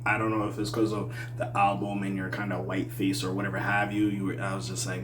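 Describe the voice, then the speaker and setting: A man giving a casual, animated album review, talking loosely with sudden loud outbursts. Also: lowish voice, fairly quick, few pauses, noisy background. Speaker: music reviewer. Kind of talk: casual commentary.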